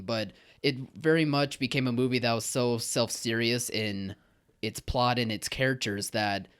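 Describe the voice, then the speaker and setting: A man's voice: mid-range voice, a bit bright. A man co-hosting a podcast, giving a film review in casual chat, earnest and hesitant with frequent restarts.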